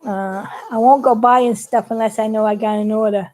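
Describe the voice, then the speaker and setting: A woman's voice: fairly high pitch, fairly even intonation, normal speed, a little mellow, rough recording. A woman who makes puppets, chatting casually and giggling as she shows how she builds them. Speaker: puppet maker. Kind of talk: casual craft demonstration.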